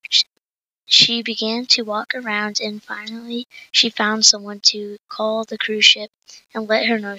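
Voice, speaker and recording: Woman, halting story reading, monotone, dull lo-fi, dry. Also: medium pitch, no echo. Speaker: story reader. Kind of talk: reading her own story aloud.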